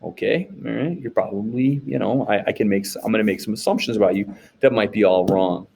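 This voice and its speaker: Guy teacher lecturing, kinda low voice, chatty, keeps asking questions. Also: a little fast, gravelly, a little mellow, a little hiss or hum. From United States. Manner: conversational, asks frequent rhetorical questions, tag "okay?". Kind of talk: recorded classroom lecture recap.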